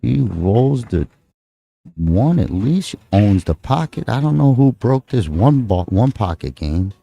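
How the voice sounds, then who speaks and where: Low, mellow-voiced male pool commentator. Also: very animated, takes it slowly, vocal fry. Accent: Texan. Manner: rambling, joking with his co-host. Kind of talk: live play-by-play commentary.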